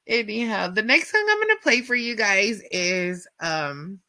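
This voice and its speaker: A woman radio host telling a rambling story in a casual, animated way, full of fillers and acted-out quotes. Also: medium pitch, a little slow, dry recording.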